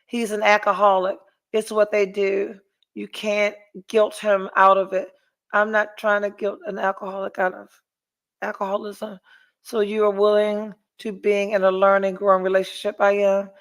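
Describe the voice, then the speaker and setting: A woman's voice: mid-range voice, completely flat delivery, normal speed. A middle-aged woman hosting a podcast, telling a story in casual chat and reading viewer comments, blunt and profane. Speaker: podcast host.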